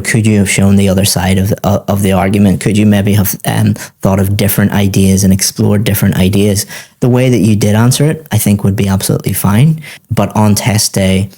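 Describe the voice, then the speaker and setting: A man's voice: fairly low pitch, dark tone. A man teaching, giving a student methodical, encouraging feedback on a speaking exam.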